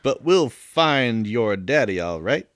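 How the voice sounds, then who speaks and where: A man voicing a kindly talking tsunami in a put-on Southern US gentleman's accent, in a comic storybook reading. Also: medium pitch, big pitch swings, takes it slowly, background noise. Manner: gentle, reassuring.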